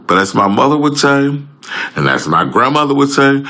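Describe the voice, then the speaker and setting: A man speaking in an impassioned public address, emphatic and repetitive, swinging between loud outbursts and low tones. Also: very animated, moderate pace.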